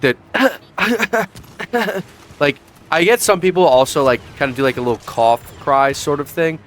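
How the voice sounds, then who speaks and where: A man's voice: a little high, a little slow, a bit bright, a little hiss or hum. A young man in a casual commentary vlog, sarcastic and profane, mocking as he talks. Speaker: YouTube commentator.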